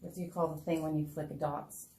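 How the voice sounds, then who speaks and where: A woman's voice: low-pitched, little pitch movement, a little fast, warm tone, a little hiss or hum. Chatty woman painting at home, bubbly, laughs a lot, talks straight to her viewers. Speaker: painter streaming live. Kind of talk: casual chat while painting live. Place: home room, not a studio.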